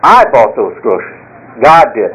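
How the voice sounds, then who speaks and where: A man voicing an angry atheist neighbor who gloats loudly. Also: mid-range voice, big pitch swings, moderate pace, slightly rough, rough recording. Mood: gloating.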